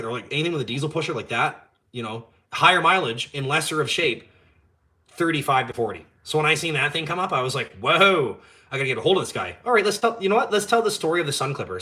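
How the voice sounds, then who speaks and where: A young man, hosting a live stream and telling a story in casual, animated chat, swearing freely and acting out the dialogue. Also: mid-range voice, racing. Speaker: channel host.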